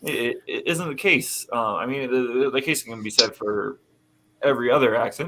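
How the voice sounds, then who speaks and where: A man's voice: medium pitch, moderate pace, a bit bright. Joking man in a casual chat. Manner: loose, profane, jokey.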